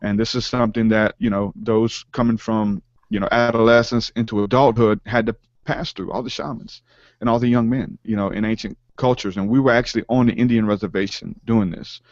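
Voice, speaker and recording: A man telling a personal spiritual story in an interview, earnest and halting, with many fillers and restarts. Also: lowish voice, fairly even intonation, no room sound, lo-fi sound. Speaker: podcast guest, rapper.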